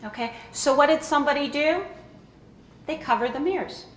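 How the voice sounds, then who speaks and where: A woman's voice: sits high, normal speed, echoey room, slight background noise. A woman giving an informal talk to a room of caregivers, chatty and often asking "okay?" to check in with the audience. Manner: conversational, checks in with frequent "okay?". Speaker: presenter at a caregiver education talk.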